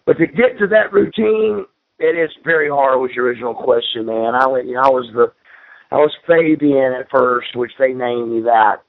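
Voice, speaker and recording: A man at a mid pitch tells long, rambling stories from his career as a former pro wrestler, tripping over and repeating his words. His voice comes through a narrow, tinny phone-like radio line. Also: normal speed. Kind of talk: casual storytelling in an interview.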